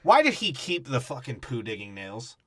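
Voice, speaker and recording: A man's voice: mid-range voice, wildly swooping pitch, normal speed, dry recording. A young man co-hosting a comedy podcast, riffing crudely on a movie with lots of swearing and mock voices. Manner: profane, jokey, jumps into mock character voices. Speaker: podcast co-host. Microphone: podcast microphone.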